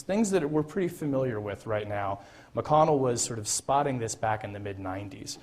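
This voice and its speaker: A man's voice: medium pitch, darkish tone. Man telling a story in a lecture. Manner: conversational, frequent fillers and restarts.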